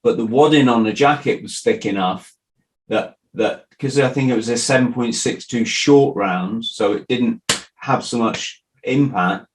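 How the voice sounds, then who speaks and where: This middle-aged podcast host keeps the interview loose, rambling, restarting and swearing now and then. His voice sits in the mid-range and he's in no hurry. The recording quality is low.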